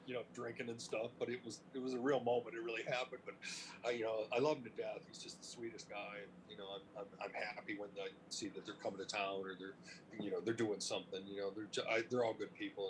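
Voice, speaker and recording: A middle-aged man from Cleveland, telling stories in a casual interview, animated and profane, laughing as he talks. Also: fairly low pitch, slight background noise, poor audio. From Cleveland, United States. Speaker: interview guest, music industry veteran.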